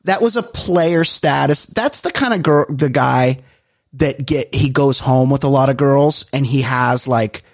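A man co-hosting a podcast, telling stories in animated, profane casual chat. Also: medium pitch, measured pace, no room sound, studio quality. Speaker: podcast co-host.

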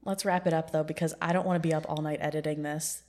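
A young woman co-hosting a podcast in casual chat, teasing and quick to laugh. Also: low-pitched, flat delivery, a little mellow. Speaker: podcast co-host.

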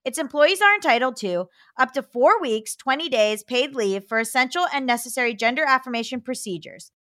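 Woman co-host, high and bright, steady letter-reader, dry close mic. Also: brisk, no echo. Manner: steady reading voice, breaks into laughter. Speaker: podcast co-host. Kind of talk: casual podcast chat, reading a listener letter aloud.

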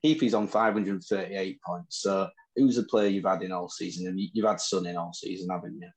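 On a low-quality recording, a deep-voiced man with a Northern English accent talks a little fast with fairly even intonation. He co-hosts a casual chat podcast about fantasy football, trading boastful, teasing banter.

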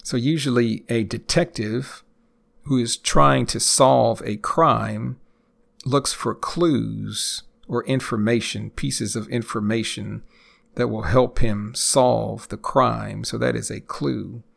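A man teaching English expressions, speaking deliberately, spelling out words and repeating each example phrase. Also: medium pitch, fairly even intonation, vocal fry, a bit bright. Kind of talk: slow, deliberate language lesson.

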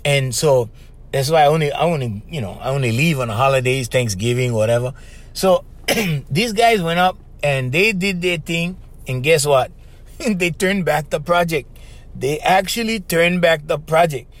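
A man's voice: fairly high pitch, lively intonation, normal speed. A middle-aged man from Hawaii with a Hawaiian Pidgin-tinged accent, hosting a casual solo podcast and telling stories loosely, calling the listener bro. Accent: Hawaiian Pidgin-tinged English. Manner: loose storytelling, calls listener bro, asks right?. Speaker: podcast host.

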